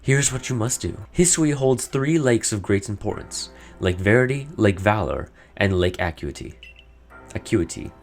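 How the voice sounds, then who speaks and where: A solemn, cryptic old woman who guards ancient legends, as a man reads her lines aloud from a game. Her voice sits low but rises and falls with lively inflection. She speaks formally, like someone handing down old words out of duty. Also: moderate pace, soft background music. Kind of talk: reading game dialogue aloud in character.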